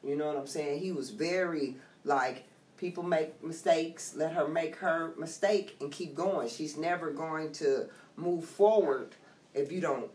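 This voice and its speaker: A woman's voice: deep voice, measured pace. Blunt, streetwise middle-aged woman. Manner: blunt, streetwise, animated storytelling. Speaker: guest sharing her story. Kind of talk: casual conversation. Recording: echoey room, somewhat far from mic.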